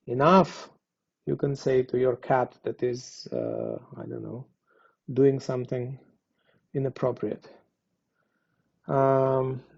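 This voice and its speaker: A man teaching a language lesson, explaining slowly and deliberately, pausing often with fillers. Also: mid-range voice, creaky, mellow. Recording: dull lo-fi sound.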